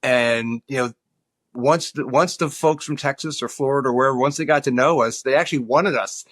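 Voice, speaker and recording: A man's voice: mid-range voice, brisk, a bit bright, dry recording. A middle-aged man from New York, a guest in an interview, talking earnestly and often repeating words while he thinks. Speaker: guest, political consultant. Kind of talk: conversational interview.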